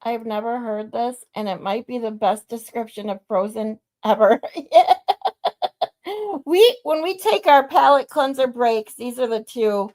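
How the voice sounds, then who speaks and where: A woman's voice: fairly high pitch, unhurried, a little mellow. A woman hosting a channel, chatting casually and with amusement between clips. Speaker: channel host. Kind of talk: casual commentary.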